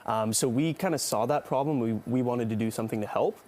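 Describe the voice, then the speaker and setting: A man's voice: mid-range voice, fast talker, darkish tone. Earnest young man in a TV interview. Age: young adult. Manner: earnest, with filler ums. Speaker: charity co-founder.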